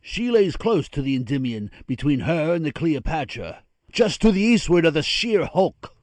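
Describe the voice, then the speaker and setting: A loud, blustering older naval father, played by a man bursts out in a fairly high voice. He is eager and swears freely in an audiobook drama. The sound is dry and close. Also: sing-song, normal speed, dry recording. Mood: boisterous.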